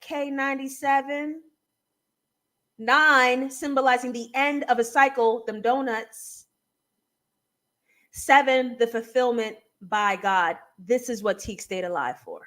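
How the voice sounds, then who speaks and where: A young woman hosts a live recap show and breaks down a TV episode scene by scene. Her voice sits high, and she takes her time, leaning hard on key words with animated emphasis. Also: slow pace. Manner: animated, emphatic, laughing and near tears at times. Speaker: TV recap host.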